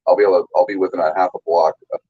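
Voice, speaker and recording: A man's voice: low voice, steady tone, very fast, husky. A man chatting casually on a live stream, rambling and hesitant with many restarts. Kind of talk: casual talk on a live chat. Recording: dull lo-fi dry audio.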